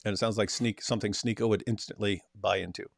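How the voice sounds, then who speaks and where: A man hosting a casual livestream chat, sarcastic and mocking, often trailing off quietly at the ends of lines. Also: lowish voice, fairly even intonation, fast talker, gravelly, no echo, clean studio sound. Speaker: host.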